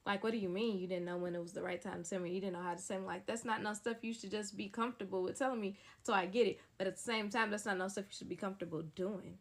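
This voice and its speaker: A young woman telling a dramatic story to her listeners in a casual, animated way. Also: medium pitch, quick pace, few pauses.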